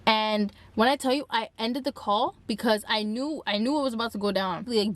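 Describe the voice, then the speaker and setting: A young woman vlogger telling a dramatic story time, animated and emphatic, with lots of filler "like". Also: on the high side, brisk, hardly any pauses, dry recording. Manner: animated, dramatic retelling with frequent "like". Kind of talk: storytime vlog.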